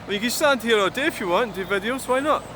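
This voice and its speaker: A man's voice: high-pitched, lively intonation, quick pace. A man rambling and grumbling as he vlogs beside a busy roundabout, swearing freely. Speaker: truck-spotting vlogger. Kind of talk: casual rambling monologue. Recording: outdoor traffic noise. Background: passing cars and trucks.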